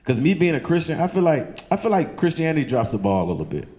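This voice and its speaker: On a comedy club stage, a man from Chesterfield County, Virginia, tells loose, profane stand-up stories, switching into high squeaky voices for the characters. His delivery is sing-song, fast and mellow.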